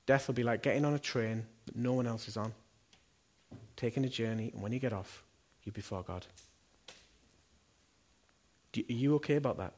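A middle-aged pastor preaches a sermon in a church, talking earnestly and conversationally and asking his listeners question after question. His mid-range, darkish voice moves at a moderate pace with frequent pauses, and there's slight background noise.

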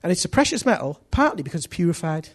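Husky-voiced preacher man, lively sermon. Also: on the high side, fast. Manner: animated, acts out congregation's voices, swings from loud to hushed.

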